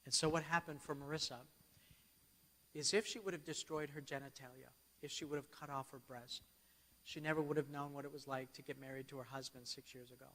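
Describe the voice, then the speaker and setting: Man, storytelling sermon, fairly high voice, long hall reverb, checks in with listeners. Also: steady tone, fairly quick, pushed and bright. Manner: checks in with the audience. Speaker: speaker giving a church keynote. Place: church hall.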